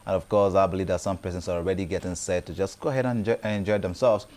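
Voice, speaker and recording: A man co-hosting a morning show, welcoming viewers in relaxed casual chat and laughing along with his partner. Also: low-pitched, racing. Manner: relaxed, backchanneling with frequent laughs.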